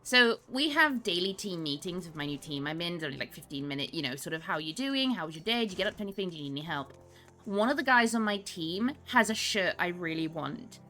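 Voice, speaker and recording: A woman's voice: on the low side, fast. Bubbly woman chatting over game music. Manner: chatty, giggly, animated storytelling. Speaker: game streamer. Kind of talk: casual chat while playing and reading game dialogue. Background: faint game music.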